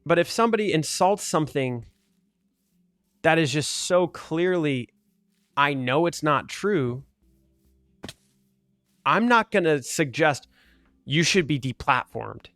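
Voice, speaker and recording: A man's voice: fairly high pitch, expressive, slow pace, long pauses, fairly bright tone, no echo. A man talking earnestly and argumentatively in casual commentary over gameplay, with lots of "like" fillers. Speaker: gaming video creator.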